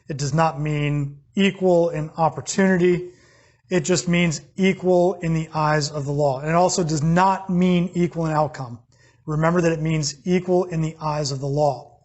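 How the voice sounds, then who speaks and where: American man, teacher, slightly raised pitch with a husky edge, plain lecture delivery. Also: fairly even intonation, normal speed, darkish tone. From United States. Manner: plain explanatory, with fillers and restarts. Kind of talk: recorded class lecture.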